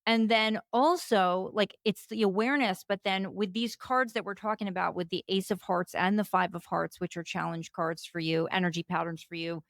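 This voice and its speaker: A woman's voice: mid-range voice, fairly even intonation, moderate pace, creaky, hardly any pauses, no room sound. Effusive woman co-host, dry close sound. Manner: effusive, many fillers like "you know" and "like". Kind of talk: casual conversational interview.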